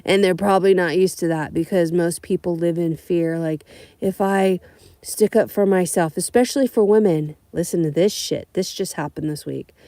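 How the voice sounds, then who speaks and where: A young adult woman from California, a rideshare driver, telling profane, animated stories on a casual livestream. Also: fairly low pitch, normal speed, dry recording. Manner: blunt, profane, animated storytelling.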